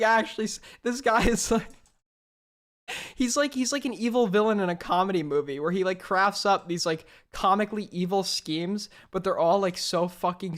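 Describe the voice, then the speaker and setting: A man hosting a casual reaction commentary, sarcastic and animated, swearing freely. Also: high voice. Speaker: commentary host.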